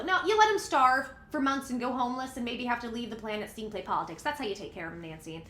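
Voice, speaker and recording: A woman's voice: fairly high pitch, animated, fast talker, few pauses, fairly bright tone, roomy sound. A woman giving heated, sarcastic commentary, talking back at the clips she reads out. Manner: indignant, sarcastic, talks back at quotes. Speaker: political commentary vlogger.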